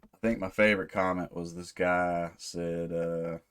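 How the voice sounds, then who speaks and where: A man's voice: low-pitched, fairly even intonation, measured pace, fairly bright tone, clear, resonant tone. A man hosting a music reaction video, talking casually and thinking aloud with rambling restarts. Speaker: music reaction channel host.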